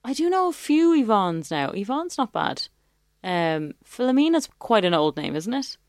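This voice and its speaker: A woman's voice: on the high side, sing-song, normal speed, dry recording, studio quality. An Irish woman co-hosting an evening radio show, chatty and laughing easily. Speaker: radio co-host. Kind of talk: casual radio chat.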